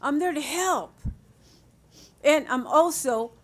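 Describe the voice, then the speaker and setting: An older woman with a high voice speaks warmly at a public hearing. Her talk rambles from one thought to the next. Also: slow pace. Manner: warm, rambling. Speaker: senior volunteer.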